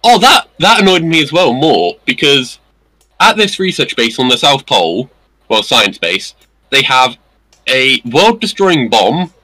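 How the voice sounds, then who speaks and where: Bright lively guy nitpicking facts on a podcast. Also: mid-range voice, a little slow, no room sound, low-quality recording. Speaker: podcast co-host. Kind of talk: casual chat.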